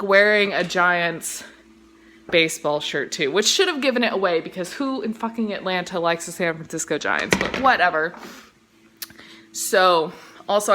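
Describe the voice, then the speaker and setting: A young woman from California's Central Valley, with a Californian accent, vlogs while cooking in her home kitchen, holding her phone in one hand. Her lowish voice is animated, bright and forceful at a moderate pace. She rambles off on tangents in a casual storytime chat, saying "like" constantly and swearing casually.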